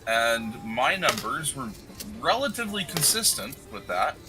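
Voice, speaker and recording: A man's voice: medium pitch, big pitch swings, unhurried, music in the background, poor audio. A man hosting a casual livestream chat who explains figures methodically and jokes about himself. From Canada. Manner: explains numbers methodically, self-deprecating. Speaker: host.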